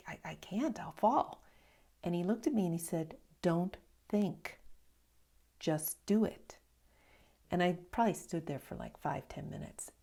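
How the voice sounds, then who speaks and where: Mellow-voiced woman meditation teacher. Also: fairly low pitch. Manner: slow, reflective storytelling with soft hushed asides. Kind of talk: evening dharma talk.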